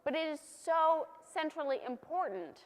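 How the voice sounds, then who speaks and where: A woman preaches in an easy, conversational way, slipping into jokey asides and then pressing hard on her points with repeated words. Her voice sits a little high, and it rings through a church with a long, lingering reverb. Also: animated, normal speed. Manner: conversational, playful, emphatic repetition. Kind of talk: sermon.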